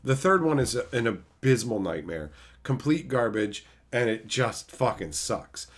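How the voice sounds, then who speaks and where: A man's voice: mid-range voice, sing-song, measured pace. A man streaming casually, reading chat aloud and ranting with a lot of profanity.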